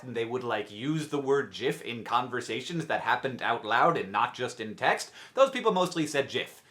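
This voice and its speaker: Young man, just woken up, bright, lively pitch, rambling asides, casual explainer to camera. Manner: animated, rambling, self-interrupting with asides. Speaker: vlogger.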